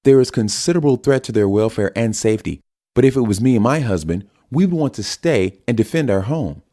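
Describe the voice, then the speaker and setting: Dude doing a peppy tv anchor lady, voice pushed way up, loud and bright. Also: mid-range voice, expressive, a little fast, dry recording, studio quality, voice pushed up, close to an everyday voice. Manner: bright, upbeat broadcaster delivery. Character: polished female cable news anchor.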